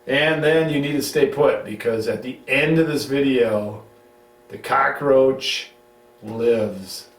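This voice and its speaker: A man's voice: medium pitch, slow. A middle-aged man hosting a casual home-recorded chat, rambling and teasing, often restarting his sentences. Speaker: show host. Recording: roomy sound, mic at a distance.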